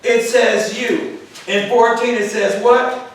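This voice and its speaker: Bible study teacher in an echoey church room. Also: male voice, extremely high pitch, level tone, slow. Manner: call-and-response questioning, repetitive emphasis. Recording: echoey room, far from mic, faint noise.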